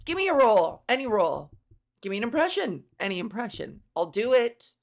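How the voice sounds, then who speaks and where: A woman's voice: a little high, very animated, a little fast, gravelly. A woman comedian hosting her podcast, riffing in a rambling, profane, self-interrupting monologue.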